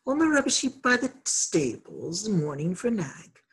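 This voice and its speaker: A woman voicing a foolish, boastful little male songbird in a storybook reading, sing-song and flattering. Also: mid-range voice, unhurried, husky, exaggerated voice.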